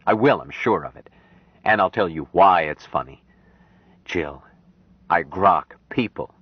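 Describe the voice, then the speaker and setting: A man reading an audiobook, voicing a calm grown man raised apart from people, speaking slowly and earnestly. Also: low-pitched, breathy edge, exaggerated voice. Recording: dry, dull lo-fi audiobook recording.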